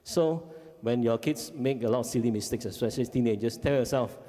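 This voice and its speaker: A man with a Singaporean English accent gives a parenting seminar talk as a family life educator, animated and often checking in with the audience. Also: mid-range voice, fairly quick. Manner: animated, acts out kids' voices, frequent "okay?" checks. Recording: long hall reverb.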